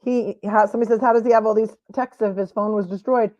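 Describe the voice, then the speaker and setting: A woman's voice: mid-range voice, fairly even intonation, fast talker, a little mellow. A woman talks over a livestreamed trial, picking apart testimony with sarcastic, skeptical remarks. Her voice sits in a middle range, and the audio is dull and lo-fi. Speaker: legal commentator streaming a trial. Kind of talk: live commentary over trial footage.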